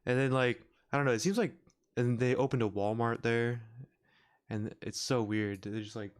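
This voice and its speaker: A man's voice: medium pitch, moderate pace, smooth. A man hosting a podcast in casual chat, rambling and full of fillers, laughing often. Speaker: podcast host. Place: podcast recording room.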